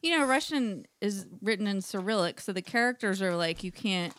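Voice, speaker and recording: A woman's voice: mid-range voice, animated, moderate pace, fairly bright tone. Woman, co-host, casual chat, giggly, filler-heavy. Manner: chatty, giggly, lots of fillers.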